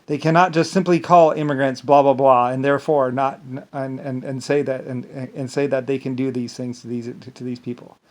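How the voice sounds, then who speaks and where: A man on an angry, rambling rant, speaking at a middling pitch. He swears freely, trips over his words and restarts them, and keeps filling gaps with dismissive "blah, blah.". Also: fairly even intonation, normal speed, hardly any pauses. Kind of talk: monologue rant to camera.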